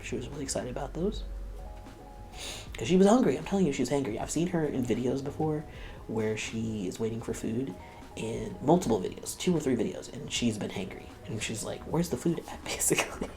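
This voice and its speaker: A man's voice: mid-range voice, expressive, fairly quick, dark tone, soft background music. Chatty young man laughing through reactions. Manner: chatty, laughs often, quotes people in little voices. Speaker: reaction video host. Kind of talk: casual reaction commentary.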